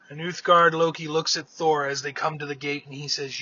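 A man's voice: on the high side, little pitch movement, fairly quick, few pauses, sharp tone, husky, dull audio. A man casually retelling an old myth in a chatty way, often restarting words as he talks. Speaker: storyteller.

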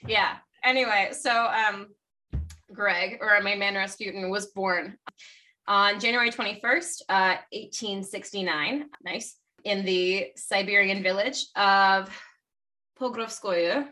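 A woman's voice: mid-range voice, fairly even intonation, slow pace, bright, forceful tone, far from the mic. A woman co-hosting a podcast in casual chat, presenting her research in a rambling, chatty way with frequent self-corrections.

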